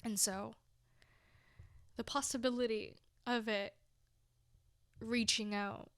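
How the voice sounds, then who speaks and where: A woman's voice: on the high side, steady tone, takes it slowly, a bit bright, clean tone, dry recording. A woman in her twenties hosting her own show, talking casually and heartfelt to her listeners, effusive and giggly. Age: 20s. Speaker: podcast host. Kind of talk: casual solo talk to listeners.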